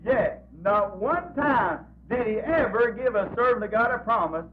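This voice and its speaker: A man delivering a revival sermon in a high, unhurried voice, fervent and folksy, circling back to phrases in a rolling cadence. The recording is muffled and lo-fi, with faint music underneath. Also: expressive, a little hiss or hum. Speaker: preacher.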